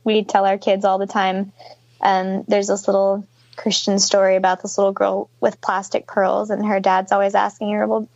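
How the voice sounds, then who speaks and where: A woman's voice: mid-range voice, monotone, normal speed, gravelly, darkish tone, no room sound. Chatty young woman, dull video call audio. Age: 20s. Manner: chatty, storytelling with many fillers. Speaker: guest. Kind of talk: casual podcast interview over video call. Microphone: video call microphone.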